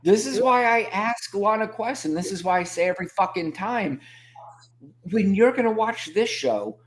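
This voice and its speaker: A man's voice: high voice, lively intonation, moderate pace. A man hosting a casual political chat show, teasing his co-host and swearing in a loose, conversational way.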